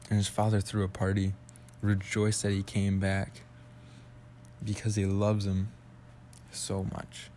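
A man's voice: on the low side, warm tone, slight background noise. A young man hosting a casual Bible study podcast, talking loosely and rambling, with a lot of "like" and restarts. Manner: loose, rambling, heavy use of "like". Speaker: podcast host.

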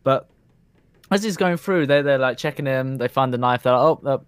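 A man's voice: medium pitch, moderate pace, smooth, dry recording. A young man co-hosting a podcast, telling stories in casual chat and cracking dry jokes. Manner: dry, wisecracking asides. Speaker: podcast co-host.

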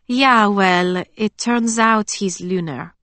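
A woman voicing a young heroine in an audiobook, in a plain, steady, lightly wry manner close to her own voice. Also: mid-range voice, takes it slowly, no echo. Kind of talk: audiobook character voice.

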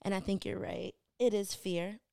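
A playful woman guest on a casual podcast, chatting with easy laughs and self-deprecating humor. She comes from New Jersey. Her voice has a gravelly, fry-laden edge, recorded close and dry with no room sound. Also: mid-range voice, fairly even intonation, normal speed, mellow, no echo.

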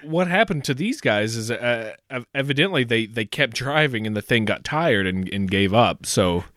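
A man's voice: medium pitch, expressive, moderate pace, a bit bright, dry recording. A man co-hosting a podcast in casual chat, giving dry, wry replies. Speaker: podcast co-host.

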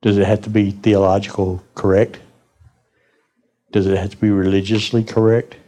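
A man's voice: fairly low pitch, little pitch movement, moderate pace, warm tone. A man preaching a folksy sermon to his congregation in church. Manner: folksy, addresses the congregation directly. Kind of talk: sermon storytelling.

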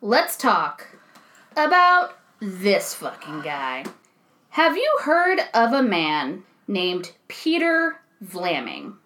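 A young woman in a studio, casually chatting as a podcast co-host, animated and quick to laugh as she acts out what people said. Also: medium pitch. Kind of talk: casual chat, storytelling. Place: recording studio.

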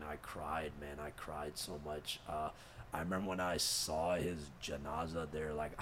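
A man's voice: very deep voice, noisy background. A young man telling a personal story in casual talk, emotional and rambling, swearing often and mixing in Urdu words. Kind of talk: casual conversation.

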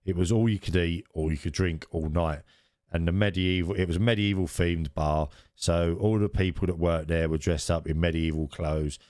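A man's voice: low-pitched, steady tone, normal speed, darkish tone, no room sound, studio quality. A man in his forties, co-hosting a podcast and rambling through a funny story while laughing at himself. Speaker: podcast co-host. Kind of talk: casual storytelling chat.

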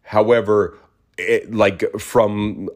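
Rambling, low-voiced male podcast host. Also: extremely slow. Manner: rambling and animated, acts out quoted voices. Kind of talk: casual solo monologue.

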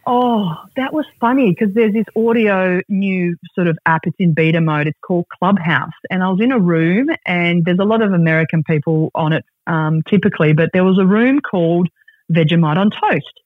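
A woman in her forties with an Australian accent, chatting as a podcast guest and telling stories with lively acted-out quotes. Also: on the low side, moderate pace, no room sound. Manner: bubbly, animated storyteller who acts out quotes. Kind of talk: casual interview chat. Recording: dry, tinny phone-like line.

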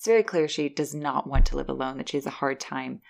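A woman hosting a podcast, giving a chatty, animated recap of a movie. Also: rumbling low, quick pace, gravelly. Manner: chatty, animated storytelling with laughs. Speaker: podcast host reviewing a film.

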